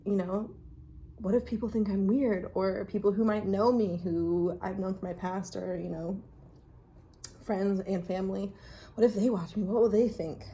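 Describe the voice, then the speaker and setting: Soft-spoken rambling woman vlogger. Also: mid-range voice, fairly even intonation, moderate pace. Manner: meandering, reflective, often soft and hushed. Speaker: vlogger reading oracle cards. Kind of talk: casual rambling chat. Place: home bathroom.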